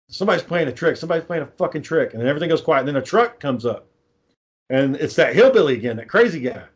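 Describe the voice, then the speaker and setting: A man in casual chat, rambling through a low-budget horror film plot, swearing freely and acting out the characters' lines. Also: expressive, quick pace. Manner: rambling, profane, acts out quoted lines. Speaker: amateur filmmaker pitching a script.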